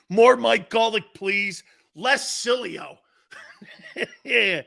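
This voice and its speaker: A middle-aged man hosting a sports talk show, brash and jokey, loud and given to repeating himself. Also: high voice, expressive, drawn-out words, gravelly, pauses often.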